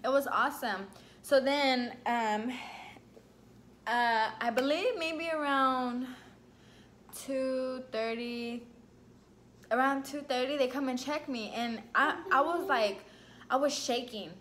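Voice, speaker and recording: Woman vlogger, casual story to camera, lively and chatty, higher-pitched voice, jumps way up when quoting herself. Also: slow pace, pauses often, slight background noise. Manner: lively, chatty, full of "like" and "you know"; acts out her own past lines with big jumps in pitch.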